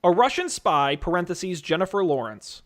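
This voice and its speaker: A man with a high-pitched voice and big swings in pitch hosts a casual podcast, running a movie draft auction. He calls out bids in quick auctioneer patter, joking as he goes.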